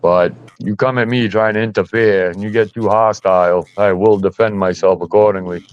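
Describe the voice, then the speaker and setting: A man's voice: lowish voice, steady tone, normal speed, clear, resonant tone. Blunt, profane man in casual chat. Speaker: podcast host. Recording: dull muffled dry sound.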